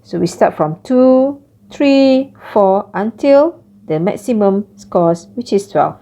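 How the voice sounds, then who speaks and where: A woman giving a recorded math lecture, explaining each step slowly. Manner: slow, lively pitch, explains step by step.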